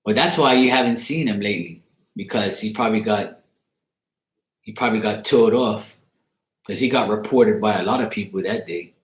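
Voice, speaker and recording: A man's voice: fairly low pitch, moderate pace. A man hosting a tarot channel, telling a profane story in a casual, laughing rant. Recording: roomy echo.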